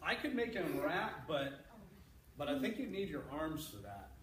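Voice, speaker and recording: A man with a bright, forceful voice explains to a class of children as a guest engineer. His delivery is easygoing and patient, full of fillers and restarts. He is heard from a distance in an echoey school library. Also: fairly high pitch, huge pitch swings, measured pace, a little hiss or hum. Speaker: electrical engineer guest speaker.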